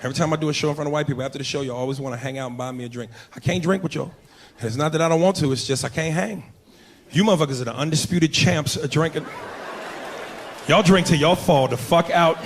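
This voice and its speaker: An American man telling animated, profane stand-up stories to a live crowd. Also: on the high side, fast. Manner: loud, profane, animated storytelling. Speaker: stand-up comedian. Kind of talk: stand-up routine. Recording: live club show with audience noise.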